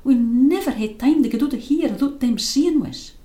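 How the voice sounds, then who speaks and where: A woman's voice: sits high, moderate pace, dark tone, voice pushed up, lightly acted. A woman with a Scots accent voicing a nervous young boy in a storybook reading. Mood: fearful. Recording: roomy echo.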